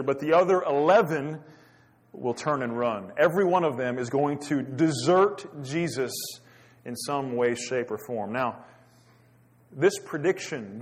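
A man's voice: mid-range voice, husky. A man preaching a sermon, dramatic and full of rhetorical questions. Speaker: pastor.

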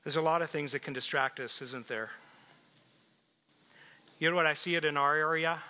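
Pastor guy preaching, high bright voice, lots of questions to the crowd, big echoey hall. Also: normal speed. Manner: animated, asks the congregation questions and laughs often. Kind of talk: sermon.

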